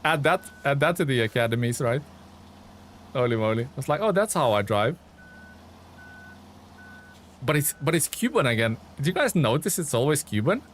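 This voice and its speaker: Excitable man chatting on a game stream. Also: mid-range voice, a little fast, a little hiss or hum. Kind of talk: casual live-stream chat while playing.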